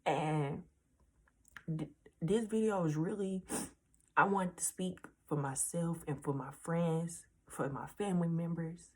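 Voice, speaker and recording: A woman's voice: fairly low pitch, unhurried, husky. A 19-year-old woman speaking earnestly and casually to her viewers in a heartfelt storytime vlog, repeating reassurances. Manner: casual slangy speech. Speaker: vlogger.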